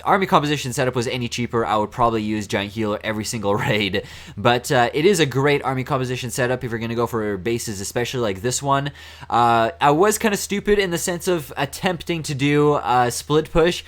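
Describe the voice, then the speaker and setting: A young man with a hoarse, raspy voice today, chatting casually through gameplay commentary into a desk microphone, laughing often between filler words. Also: medium pitch, a bit bright. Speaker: gaming commentator.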